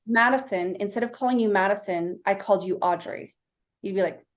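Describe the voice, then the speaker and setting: A woman guest on a podcast, a mindset coach, explaining ideas in a lively way and acting out quoted dialogue as she tells stories. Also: medium pitch, a little fast. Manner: animated storytelling, acting out quoted voices. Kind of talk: casual interview chat.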